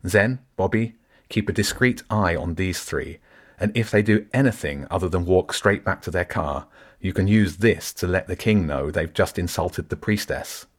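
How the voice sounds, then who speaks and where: A man voicing a young leader giving quick, commanding instructions. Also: low-pitched.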